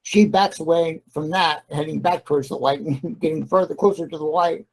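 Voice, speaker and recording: Man, tabletop player, somewhat high voice, animated, describing his character's moves. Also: normal speed, vocal fry, rough recording. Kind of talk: playing a tabletop game.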